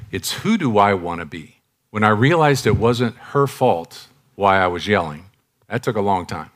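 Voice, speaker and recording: A man in his sixties giving a sermon, confessional and direct, moving from loud emphatic bursts to soft hushed phrases and repeating key lines. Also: on the low side. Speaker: preacher.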